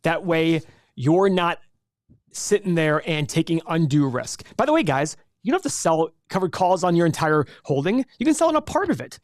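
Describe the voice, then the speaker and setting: Guy pitching his investing course, high-ish voice, super energetic, dry close sound. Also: normal speed, dry recording. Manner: energetic, animated salesman pitch. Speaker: host teaching an investing class. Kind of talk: live webinar teaching.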